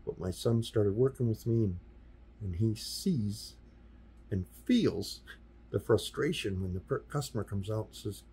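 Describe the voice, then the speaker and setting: A man's voice: on the low side, lively intonation, unhurried, dark tone, breathy edge. A man, a sign painter telling stories in a casual studio interview and slipping into the voices of the people he quotes. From US Midwest. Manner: anecdotal, acts out quoted dialogue in passing. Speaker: sign painter and workshop teacher, podcast guest. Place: podcast studio.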